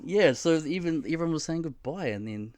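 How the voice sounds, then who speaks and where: A man's voice: on the high side, a little fast, no echo. A young man, co-hosting a casual podcast, telling stories frankly and with plenty of swearing. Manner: frank, sweary, animated storytelling with acted-out quotes. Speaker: podcast co-host.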